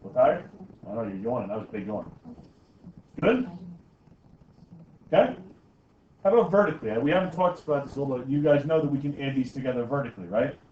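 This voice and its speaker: A man's voice: mid-range voice, animated, fast, long pauses, far from the mic, slight background noise. A man teaching a math class, joking with students and checking in with "okay?" and "right?" after almost every step. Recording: echoey, dull classroom recording from afar.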